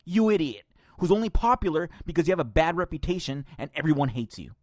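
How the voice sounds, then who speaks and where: A man's voice: a little high, very animated, quick pace, dry recording, studio quality. A man hosting a podcast, ranting angrily and profanely with sarcastic laughs. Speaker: podcast host.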